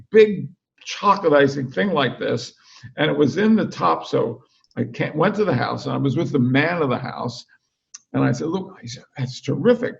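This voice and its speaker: An older man as an interview guest and author, chatting casually and telling animated anecdotes over a video call. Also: on the high side, gravelly, dull audio. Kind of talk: casual chat.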